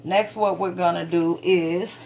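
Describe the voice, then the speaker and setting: A woman's voice: on the low side, fairly even intonation, unhurried, gravelly, a little mellow, slight background noise. A woman giving a casual cooking demonstration in her home kitchen, chatting folksily with her viewers and swearing now and then.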